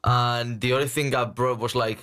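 A man's voice: mid-range voice, normal speed, clear, resonant tone. Young man with a Spanish accent. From Spain. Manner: relaxed, filler-heavy storytelling with frequent "like". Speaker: guest. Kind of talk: casual chat.

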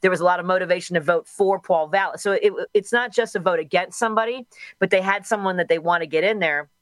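A woman's voice: on the low side, quick pace, no room sound. A middle-aged woman from Chicago, a radio host speaking as a guest in a radio interview, candid and thinking aloud with restarts.

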